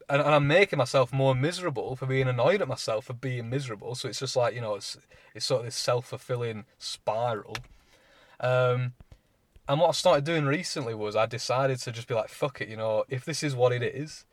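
Casting: young man, casual rambling monologue, sweary and candid, mid-pitched voice, dry close recording. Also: no room sound. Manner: rambling, frank, heavy swearing, many fillers.

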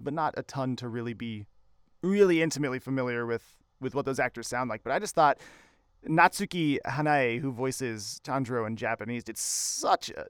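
Man, casual co-host, smooth clear voice, enthusiastic, fades at phrase ends, dry mic. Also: mid-range voice, a bit bright, no room sound. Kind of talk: casual chat reviewing an anime film.

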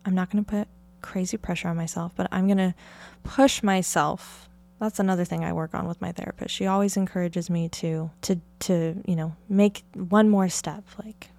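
A woman's voice: medium pitch, warm tone. A young woman from Oregon hosting her own podcast in a casual solo chat. She rambles in a chatty way, leaning on "like" with bits of light laughter. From Oregon, United States. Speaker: podcast host.

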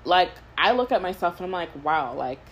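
Chatty woman in her twenties, slightly low. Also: quick pace, lo-fi sound, a little hiss or hum. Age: 20s. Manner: rambling storyteller, heavy use of "like"; laughs between thoughts. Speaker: podcast host. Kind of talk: casual chat.

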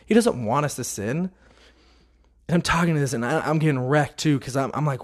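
A man's voice: fairly high pitch, normal speed, darkish tone. A man telling an earnest, confessional faith testimony, often restarting his sentences.

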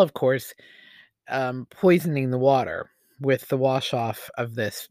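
A man's voice: mid-range voice, no echo, studio quality. A man hosting a podcast, talking in a rambling, opinionated way with many fillers and restarts. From United States. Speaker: podcast host. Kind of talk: casual opinion monologue.

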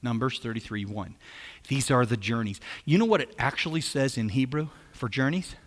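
A man preaching a sermon as pastor, animated, repeating phrases and asking his listeners questions. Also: mid-range voice, normal speed, in a large hall.

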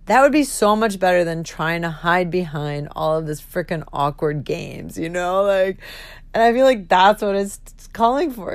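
A woman's voice: medium pitch, dry recording. Giggly, profane woman in her thirties. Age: 30s. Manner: giggly, expressive, swears freely. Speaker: podcast host. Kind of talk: candid solo podcast monologue.

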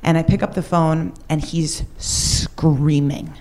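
A woman's voice: sits low, fairly even intonation, takes it slowly, a little mellow. A young woman telling a personal true story on stage, candid and wry. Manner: candid, shifts between wry and raw.

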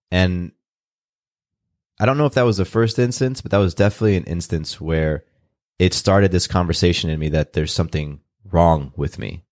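A man from California talking openly and earnestly in an interview, unhurried, often restarting his sentences. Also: low voice, a little mellow, dry recording, studio quality. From California, USA. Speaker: guest. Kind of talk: reflective personal storytelling.

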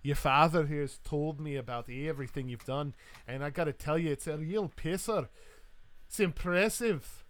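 A man voicing a huge, bearded, boisterous male highland warrior in a tabletop game, hearty and rowdy with a put-on folksy accent. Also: normal speed, long pauses, close to an everyday voice.

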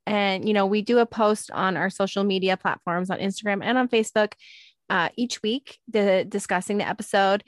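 A woman co-hosting a podcast who tells funny stories in an animated, laughing way. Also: mid-range voice, normal speed, no echo, studio quality. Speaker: podcast co-host. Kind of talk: casual chat.

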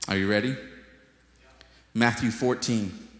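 In an echoey hall with long reverb, a pastor with a fairly low voice takes his time through a sermon. He's a lively storyteller, voicing the people in his tales and kidding around with the congregation.

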